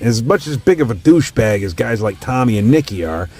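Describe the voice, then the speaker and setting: A man's voice: mid-range voice, sing-song, a little fast, mellow, husky. A man casually ranking music in a profane, opinionated rant. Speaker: host.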